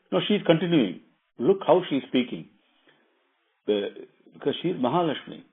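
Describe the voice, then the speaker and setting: Husky man giving a scripture discourse. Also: fairly high pitch, very animated, moderate pace, long pauses. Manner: admiring, explanatory, with many fillers. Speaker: spiritual storyteller. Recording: narrow phone-like audio.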